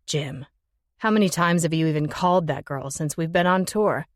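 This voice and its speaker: A woman voicing a surly, brooding young male bass player who answers curtly and angrily. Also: moderate pace, no room sound, studio quality, close to an everyday voice. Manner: curt, growling, angry.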